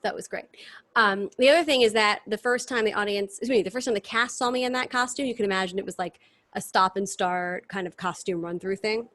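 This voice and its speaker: A woman, chatting as an interview guest in animated, restart-filled stories over a video call. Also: mid-range voice, brisk. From New York City. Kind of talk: casual chat.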